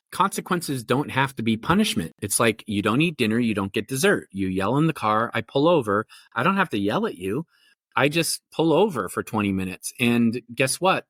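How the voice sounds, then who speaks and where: A man's voice: mid-range voice, a bit bright, no echo, clean studio sound. Thoughtful middle-aged male therapist. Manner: thoughtful, rambling, with many fillers and restarts. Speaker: family therapist and parenting coach. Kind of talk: podcast interview, relaxed explanation.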